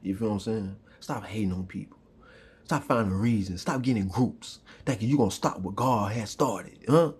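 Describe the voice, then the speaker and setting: A man's voice: lowish voice, moderate pace, a little mellow, husky. A man delivering a fiery, profane spiritual monologue in a rhythmic, repetitive way, often tossing in "huh?" and "you feel me?". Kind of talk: impassioned street preaching monologue.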